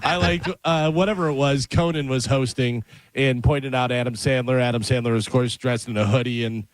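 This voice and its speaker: A man co-hosting a morning radio show, telling stories and jumping into quick impressions. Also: mid-range voice, steady tone, no echo. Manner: chatty, jumps into impressions while telling stories. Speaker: radio co-host. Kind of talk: casual morning radio chat.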